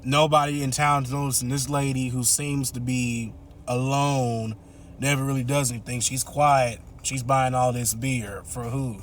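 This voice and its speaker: A man's voice: medium pitch, slight background noise. Chatty man recapping a movie. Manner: chatty, laughs often, acts out the characters' lines. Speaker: movie reviewer.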